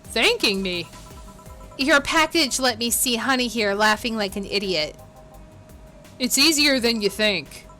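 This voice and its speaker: Woman reading a playful, high-voiced flirt for a game read-through. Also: lively intonation, unhurried, pauses often, bright, forceful tone, soft background music. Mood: teasing. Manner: playful, teasing.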